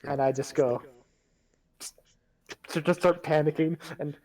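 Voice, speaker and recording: A man playing a tabletop game, quickly and eagerly declaring his character's actions. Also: fairly high pitch, steady tone, darkish tone. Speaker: player. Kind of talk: casual tabletop game play.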